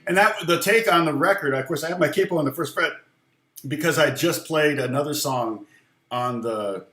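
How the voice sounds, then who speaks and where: A man runs a relaxed guitar lesson, talking loosely with his viewers and laughing at his own jokes. His voice sounds roomy, with a soft guitar playing faintly behind him. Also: on the high side, moderate pace. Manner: chatty and self-deprecating, laughs often. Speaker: guitar teacher. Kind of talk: casual live-stream guitar lesson, chatting with viewers.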